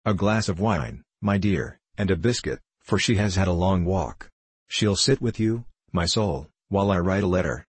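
A man's voice: sits low, lively intonation, normal speed, husky, dry recording. A man voicing a cunning, cruel male dwarf who gives sly, menacing orders to his wife. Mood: falsely sweet.

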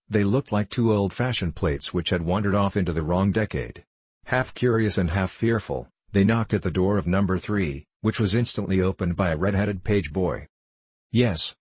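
A man reading a period novel aloud as a narrator, in a measured, even manner, giving the characters light voices. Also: deep voice, breathy edge, dry recording. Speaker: audiobook narrator. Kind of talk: scripted narration.

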